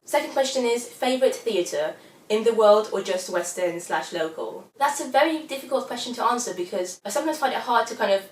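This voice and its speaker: A woman in her twenties answering viewer questions in a casual, upbeat vlog, full of fillers and quick asides. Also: a little high, lively intonation, recorded from a distance. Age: 20s. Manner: chatty, upbeat, with frequent fillers. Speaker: vlogger. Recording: echoey room, mic set back.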